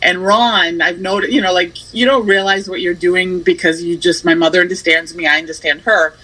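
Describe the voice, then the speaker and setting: A woman's voice: lowish voice, fairly even intonation, a little fast, sharp tone, rough recording. A woman chatting as a radio guest, explaining things with plenty of examples. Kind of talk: casual chat.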